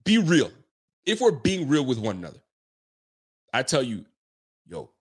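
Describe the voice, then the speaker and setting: A man hosting a casual live-stream about football, reading viewer comments, swearing, laughing and getting excited in fast slangy talk. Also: mid-range voice, husky.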